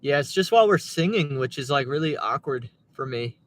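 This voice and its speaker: A man's voice: mid-range voice, animated, a little fast, a little hiss or hum. A tired man, a delivery driver, chatting casually from his car on a livestream and reading viewer comments aloud. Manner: laid-back, muttering, thinks aloud. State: tired, yawning.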